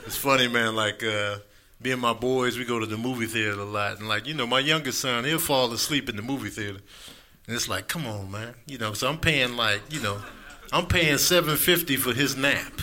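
A man in his thirties doing an animated stand-up comedy set on a club stage, acting out other people's voices. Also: medium pitch, a little fast. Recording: live recording with audience noise.

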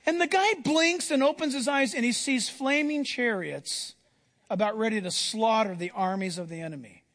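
Animated high-voiced male preacher in a hall. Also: moderate pace. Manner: animated storytelling, acts out Bible voices. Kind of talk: sermon. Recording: long hall reverb.

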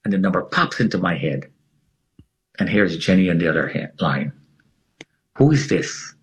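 A man's voice: brisk, fairly bright tone. A man telling a dramatic personal story in an interview, speaking with emphatic swings in tone. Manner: dramatic, swings his pitch widely for emphasis. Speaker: interview guest.

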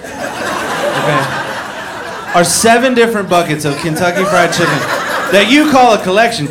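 A man doing a stand-up comedy routine, telling stories and mocking people with loud impressions. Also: high-pitched, animated, normal speed, pauses often. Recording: live club with audience noise. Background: crowd laughter.

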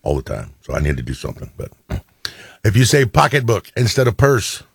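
A middle-aged male radio host with a very deep, slightly husky voice. He chats casually, telling little stories and acting out quotes. The sound is dry and close. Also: big pitch swings, a little fast, no echo. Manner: chatty storyteller, quotes people in changed voices. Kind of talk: casual on-air banter.

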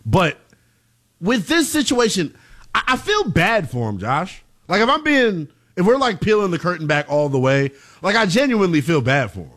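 A man co-hosting a sports talk show, arguing his point in an animated, incredulous way. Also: sits high, moderate pace. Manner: animated and incredulous, rising to near shouts. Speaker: co-host.

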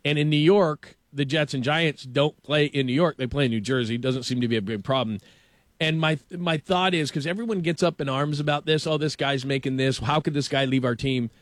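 A man hosting a casual sports talk show, animated and opinionated, stumbling over restarts as he rants. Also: on the high side, no room sound. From Los Angeles.

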